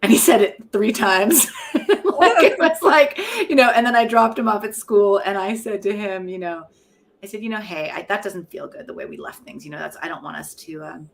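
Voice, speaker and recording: A woman's voice: mid-range voice, normal speed, vocal fry, a crowd in the background. A middle-aged woman, a poet and professor, talking frankly and reflectively in an interview, often laughing at herself. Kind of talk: candid conversational interview.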